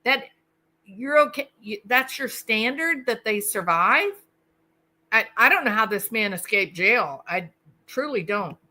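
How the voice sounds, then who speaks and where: Slow-talking indignant woman host. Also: fairly high pitch, expressive, pushed and bright. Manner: indignant, emphatic, repeats words for stress. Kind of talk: casual commentary.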